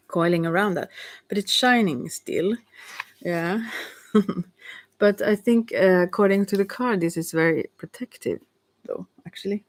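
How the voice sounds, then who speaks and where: A woman with a Swedish accent, a native Swedish speaker, casually reading and talking through oracle cards for viewers, halting with many fillers and soft laughs. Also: fairly low pitch, no echo. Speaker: oracle card reader.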